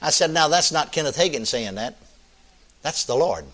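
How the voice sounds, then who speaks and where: Lively folksy preacher, older man. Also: fairly high pitch, moderate pace. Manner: folksy, animated, laughing often with the congregation. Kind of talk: sermon.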